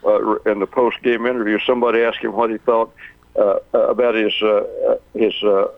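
A man who writes about sports, calling in as a guest to a radio show and talking haltingly with many filler sounds. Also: lowish voice, flat delivery, creaky, no room sound. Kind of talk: casual radio interview. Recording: dry, tinny phone line.

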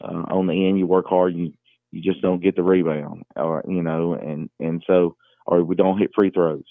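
A middle-aged man, a high school basketball coach, talking in a phone interview with many fillers and restarts. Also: little pitch movement, moderate pace, gravelly, dry recording. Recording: tinny phone line.

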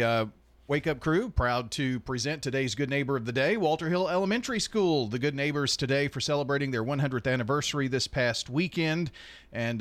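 A man's voice: mid-range voice, a bit bright, no echo. Man hosting a morning radio show. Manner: brisk announcer read with light banter. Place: radio studio.

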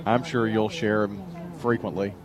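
A man doing color commentary on a radio baseball broadcast, giving short, low-key replies. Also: level tone, normal speed, crowd noise.

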